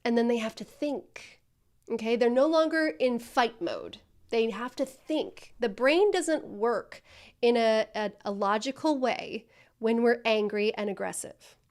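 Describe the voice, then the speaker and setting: A woman's voice: on the high side, a little slow, a little mellow. A woman coaching a student through customer service role-play, speaking directly and encouragingly.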